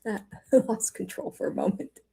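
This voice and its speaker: A woman's voice: medium pitch, very animated, moderate pace, gravelly, mellow, husky. An older woman hosting a reaction commentary, skeptical and scoffing, laughing often, on a laptop mic. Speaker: reaction host.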